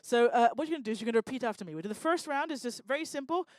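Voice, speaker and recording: Teasing woman working a crowd. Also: on the high side. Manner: energetic, teasing, bossy and quick to joke. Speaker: stage performer working the crowd. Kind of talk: improvised stage crowd work. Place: live talk stage before an audience. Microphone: handheld microphone.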